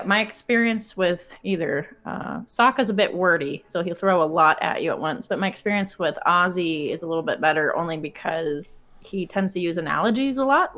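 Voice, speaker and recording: Lady guest on a podcast, kinda low voice, giggles a lot, faint music behind. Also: a bit bright. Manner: giggly, chatty. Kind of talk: casual chat.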